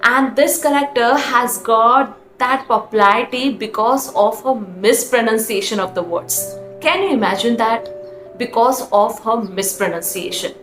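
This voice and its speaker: A woman's voice: a little high, measured pace, fairly bright tone. A woman from India with an Indian English accent, coaching English and repeating her points earnestly while she asks the viewer questions. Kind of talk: spoken English lesson to camera. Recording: echoey room with faint music.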